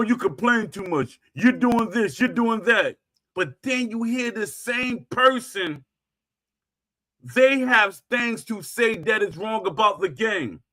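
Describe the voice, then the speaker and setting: A man's voice: sits high, pushed and bright. A man hosting his own gaming talk stream, speaking emphatically and repeating his points, often restarting his sentences. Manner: emphatic and repetitive, circling back to points. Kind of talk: casual livestream rant.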